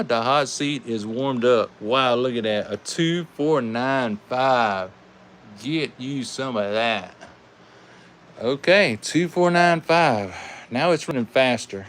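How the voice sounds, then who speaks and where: A man with a Southern American accent hosts a live stream and calls toy car races in a folksy, animated way, chatting with his viewers. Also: medium pitch, slow. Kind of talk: live race commentary.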